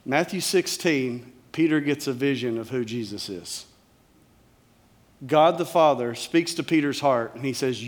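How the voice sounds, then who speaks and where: A male pastor preaching a sermon in an emphatic, conversational way, dropping to quiet lows. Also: a little slow.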